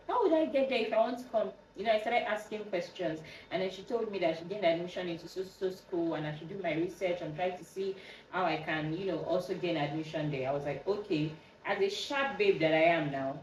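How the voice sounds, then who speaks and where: A young Nigerian woman hosting a podcast, telling a personal story in a casual, animated way. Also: on the low side, roomy sound, recorded from a distance, a little hiss or hum, rough recording. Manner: animated, acts out quoted dialogue with a raised voice. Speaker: podcast host.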